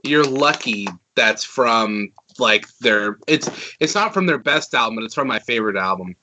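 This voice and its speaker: A man casually reviewing a cartoon episode, animated and ranting, swearing freely as he talks. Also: mid-range voice, normal speed, noisy background.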